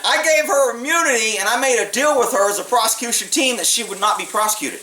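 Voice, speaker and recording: A man's voice: extremely high pitch, quick pace, pushed and bright. A man, a former police officer, telling a story in a blunt, streetwise way and swearing freely. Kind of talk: casual storytelling. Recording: echoey room, mic at a distance, faint hiss.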